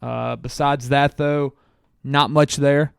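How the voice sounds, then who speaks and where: Smooth-voiced man musing through a roster. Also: mid-range voice, flat delivery, slow, no echo, studio quality. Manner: reads through a team roster, musing aloud with many "uh"s. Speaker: podcast co-host. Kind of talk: casual sports chat.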